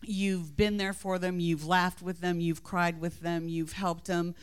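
A woman's voice: on the low side, little pitch movement, unhurried, smooth. A middle-aged woman, the host's mother, telling tender family stories in a church talk, laughing and near tears. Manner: tender storytelling, laughing and teary. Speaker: mother of the host, guest.

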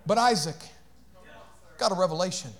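Speaking at an ordinary pace, a man with a voice that sits high and lively intonation preaches in church. His sermon opens with humor and playful voices before swelling into shouted, singsong preaching that calls out to the congregation.

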